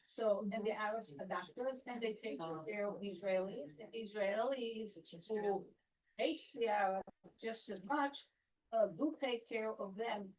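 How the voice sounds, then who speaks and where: A woman speaking up as a student in a Torah class, making her point earnestly with halting phrasing. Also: mid-range voice, a little mellow, a little hiss or hum, rough recording. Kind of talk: classroom discussion.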